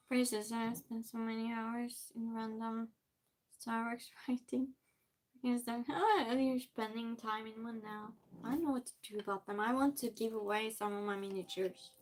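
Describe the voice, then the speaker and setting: In a rough recording, a woman with a slightly high, fairly bright voice talks casually to her live-stream viewers. She reads their messages and answers them while rearranging things in her small space.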